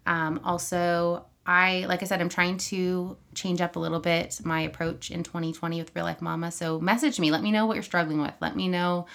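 A woman's voice: lowish voice, little pitch movement, normal speed, vocal fry, hardly any pauses, a bit bright. A woman guest on a podcast, a therapist and blogger, chatting in a friendly, self-deprecating way. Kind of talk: casual podcast chat. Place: child's bedroom, seated on floor.

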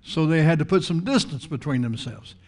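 Male preacher with a fairly high voice, conversational sermon delivery, lots of repeats and rhetorical questions. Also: animated, a little fast, darkish tone.

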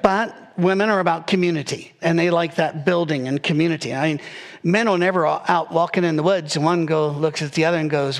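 A man preaching a sermon, his voice sitting a little high for a man. He talks to the congregation in a loose, conversational way and drops in quick jokes and asides. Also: steady tone, creaky. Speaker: pastor.

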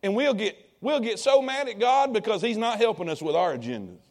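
Male preacher, high tenor voice, calls out to the congregation, drops low then rises loud. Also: expressive, fairly quick. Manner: call-and-response preaching to congregation. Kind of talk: sermon.

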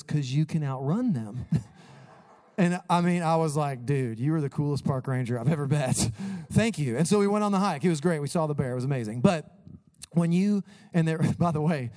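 A man preaching a sermon, telling lively stories and laughing at himself as he goes. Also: medium pitch. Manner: animated, laughs at his own stories. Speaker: pastor. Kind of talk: sermon with storytelling.

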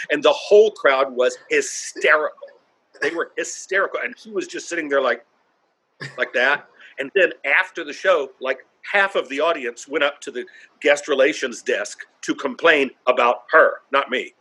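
A man's voice: mid-range voice, moderate pace, pushed and bright, breathy edge. A man who does stand-up comedy, telling blunt stories from the stage and swearing freely in a casual interview. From North Carolina, US.

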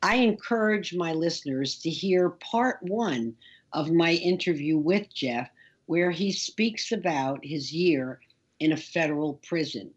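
A woman host who speaks very slowly, pausing with frequent ums and restarts as she puts questions to her guest. Her voice is husky, and the recording sounds dull and lo-fi. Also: low-pitched. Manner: slow, hesitant, many fillers. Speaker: interview host. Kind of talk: interview.

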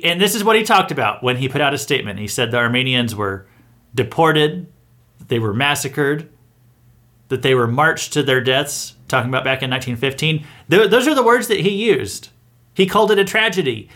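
Male commentary host, higher voice, bright and forceful delivery, sarcastic and mocking. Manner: sarcastic, mocking, chuckles between points. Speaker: host of a satirical news round-up. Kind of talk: opinionated political commentary monologue.

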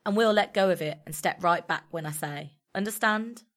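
A woman's voice: fairly low pitch, normal speed, a bit bright, lightly acted. A woman reading the part of a bossy teenage boy who leads his friends, giving orders in a commanding, emphatic way.

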